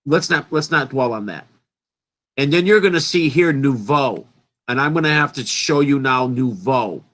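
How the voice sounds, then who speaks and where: A man's voice: medium pitch, lively intonation, moderate pace, fairly bright tone. A man presenting an informal lecture, talking in an emphatic, rambling way and interrupting himself often.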